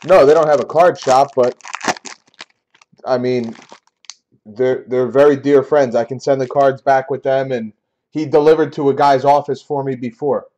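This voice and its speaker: A man hosting a sports card break live, talking casually and getting loudly exasperated, repeating himself. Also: mid-range voice, fairly even intonation, normal speed, dull audio, a little hiss or hum. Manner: exasperated, repetitive, loud outbursts. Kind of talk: casual live-stream banter.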